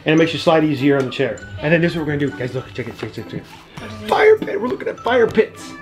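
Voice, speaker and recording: A man and father hosting a casual family home-tour vlog, excitable and full of exclamations as he talks to his kids and viewers. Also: on the high side, racing. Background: background music.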